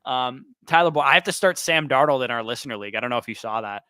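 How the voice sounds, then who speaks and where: A man hosting a livestream Q&A, quickly reading off player choices and picking one, while he is losing his voice. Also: mid-range voice, lively intonation, bright, forceful tone, clean tone, no echo. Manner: quick, listing names then picking one. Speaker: fantasy football show host. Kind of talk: livestream Q&A, rapid-fire start/sit answers.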